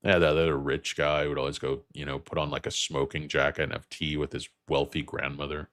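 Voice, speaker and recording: A man's voice: very deep voice, flat delivery, a little fast, fairly bright tone, no room sound, studio quality. A man in his fifties hosting a stock livestream, rambling and joking off on tangents; he sounds tired and as if he is losing his voice. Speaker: host.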